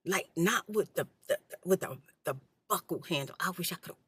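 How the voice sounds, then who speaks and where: A woman hosting an ASMR channel, telling her personal story in a soft-spoken, candid, blunt way and sometimes dropping to a whisper. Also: on the low side, fairly quick, husky.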